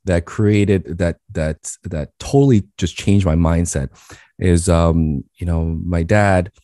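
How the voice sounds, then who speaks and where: On a podcast, a Queens, New York business guest tells an animated story, often restarting his sentences. He speaks slowly in a very low, deep voice, recorded close and dry with no sense of a room.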